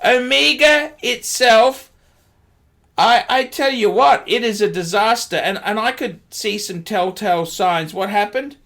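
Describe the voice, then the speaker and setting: A middle-aged Australian man rants in a commentary vlog, heavy with sarcasm and returning to the same catchphrases. His voice sits unusually high for a man and cuts through with a bright, sharp edge. He takes his time, dragging each jab out slowly. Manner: sardonic, scornful, repeats catchphrases. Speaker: watch dealer.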